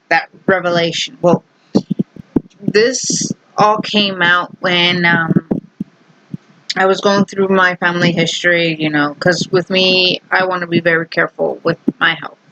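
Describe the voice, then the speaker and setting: A woman's voice: on the low side, background noise. A young adult woman vlogger telling a family story in a casual, rambling, amused way.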